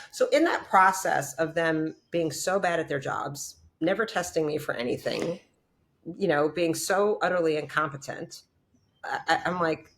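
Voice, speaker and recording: A woman chiropractor telling her story in an interview, blunt and animated, acting out past conversations and swearing freely. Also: low voice, normal speed. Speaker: chiropractor and podcast guest.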